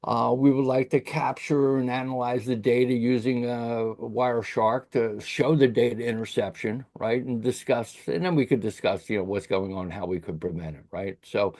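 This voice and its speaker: A man's voice: mid-range voice, fairly even intonation, moderate pace, few pauses, a little mellow. A man walking through technical lab plans in casual talk, often checking in with "right?" and using many fillers. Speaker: podcast guest explaining tech labs.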